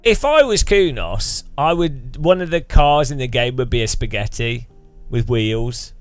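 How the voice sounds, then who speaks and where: Streamer, man, loose joking ramble; crisp tone, slow delivery. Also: medium pitch, lively intonation, no room sound, soft background music. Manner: rambling, joking, laughs often. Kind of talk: casual live-stream chat.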